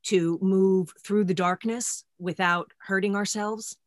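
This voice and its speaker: A woman hosting a podcast who speaks frankly and self-deprecatingly, with halting restarts. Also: medium pitch, fairly even intonation, dry recording, studio quality. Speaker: podcast host. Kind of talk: candid podcast conversation.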